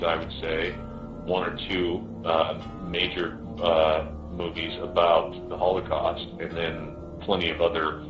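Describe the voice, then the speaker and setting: A man with a fairly low voice rants in a heated, profane monologue, rambling and restarting his sentences. The recording is dull and lo-fi, with a roomy echo and music playing clearly behind him. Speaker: commentator. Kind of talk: ranting monologue.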